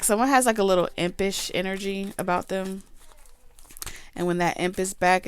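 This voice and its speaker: A woman's voice: mid-range voice, steady tone, moderate pace, clear, resonant tone, soft background music. A woman giving a casual tarot reading, chatty, blunt and profane. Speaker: tarot reader.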